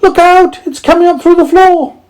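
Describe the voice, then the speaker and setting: A man voicing a group of frightened little mice in a storybook, squeaky and panicky. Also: takes it slowly, mellow. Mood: panicked. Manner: panicky, shrill, all at once.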